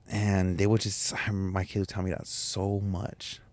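A man's voice: sits low, monotone, normal speed, few pauses, a little mellow, no echo. A man hosting a podcast, telling a personal story in a candid, emotional way, swearing and restarting his sentences. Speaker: podcast host.

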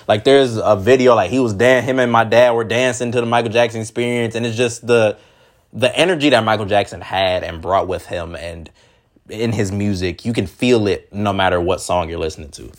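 Young man with a lowish voice, meandering. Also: a little fast. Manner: meandering, loose and conversational. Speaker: podcast host. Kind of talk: casual podcast chat.

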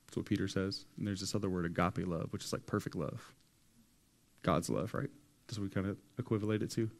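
In a church hall with an audience, a pastor with a fairly low, slightly mellow voice preaches to his congregation. He tells a story in casual slang and acts out the voices of the people he quotes.

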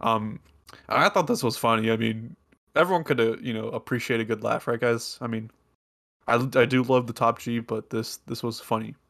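A male podcast host talks in a relaxed, chatty way at a mid pitch. He laughs between lines and keeps checking in with the listeners. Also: moderate pace, vocal fry. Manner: chatty, laughs often, seeks agreement from listeners. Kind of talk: casual podcast chat.

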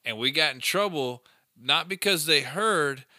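A man in his thirties hosting a podcast, telling stories in a relaxed way with easy laughter. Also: fairly high pitch, measured pace, dry recording, clean studio sound. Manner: laid-back, laughing storyteller. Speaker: podcast host. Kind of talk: casual podcast chat.

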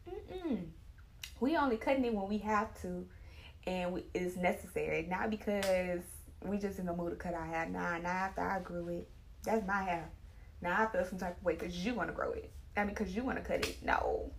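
A woman's voice: mid-range voice, normal speed, a little hiss or hum. A woman hairstylist, talking in a chatty, emphatic casual monologue. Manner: chatty, animated, emphatic, with dialect grammar. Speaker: hairstylist and salon owner.

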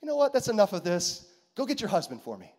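A male preacher voices a calm, direct man asking for a drink, plain and matter-of-fact. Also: sits high, fast talker, big-room sound, pitched above the performer's own voice, heavily acted. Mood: firm.

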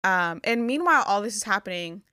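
A young woman recaps a fantasy plot in loose, rambling casual chat, peppered with fillers. Her voice sits at a middling pitch, recorded close and dry with no room sound. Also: animated, a little fast, pushed and bright, smooth, dry recording. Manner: rambling retelling with many "like" fillers. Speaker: podcast co-host.

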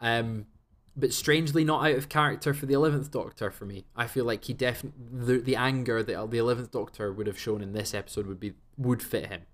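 A man's voice: mid-range voice, steady tone, fast. A young man co-hosting a podcast, chatting casually and acting out quoted exchanges as he tells stories. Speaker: podcast co-host. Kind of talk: casual chat.

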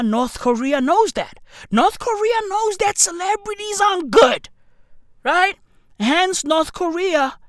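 Slangy swearing woman, lively pitch. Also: no echo, studio quality. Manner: street-slang bro persona, swearing, shouty bursts. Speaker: comedic news commentator. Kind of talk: profane slangy comedy rant.

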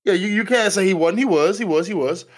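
A comedian from Baltimore, a man, talking as a podcast guest in an emphatic, expressive way, driving points home by repeating himself. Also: high voice, fast talker. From Baltimore, Maryland. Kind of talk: casual podcast chat.

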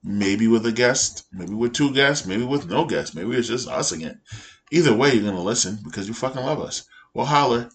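A man's voice: mid-range voice, lively intonation, moderate pace. A man hosting a podcast in casual chat, teasing his co-hosts and wrapping up the episode. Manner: teasing, wraps up the show. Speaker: podcast host.

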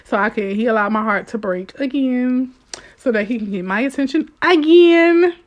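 A woman giving an informal spoken devotional to her listeners. She talks emphatically and repeats her key lines, swinging between fervent outbursts and quiet asides. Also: a little high, moderate pace. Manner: emphatic and repetitive, addressing listeners directly. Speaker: devotional speaker.

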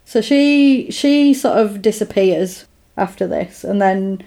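A woman's voice: medium pitch, takes it slowly. Woman animatedly retelling a film. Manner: animated retelling with quoted voices and laughs. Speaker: podcast co-host recapping a film. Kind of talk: casual chat.

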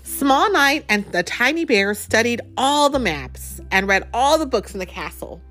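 A woman reads a picture book aloud at home to a child, her voice rising and falling with lively movement. She stops often to chat and ask questions. Faint music plays in the background. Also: on the high side, a little slow. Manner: chatty, asks the child questions. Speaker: parent reading to a child.

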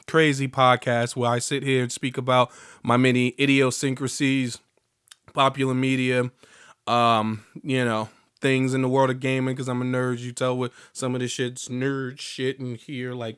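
A man's voice: mid-range voice, clear, resonant tone. A young man hosting his own podcast, chatting profanely and animatedly, with a voice still slightly off after being sick. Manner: profane, animated, breaks into sung bits. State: recovering from illness, voice slightly off. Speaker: podcast host. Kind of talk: casual solo podcast monologue.

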